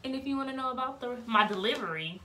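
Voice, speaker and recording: A woman's voice: high-pitched, quick pace, far from the mic, a little hiss or hum. A young woman, telling a story casually as a vlogger and acting out the voices of the people in it. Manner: animated, acts out voices of relatives and nurses.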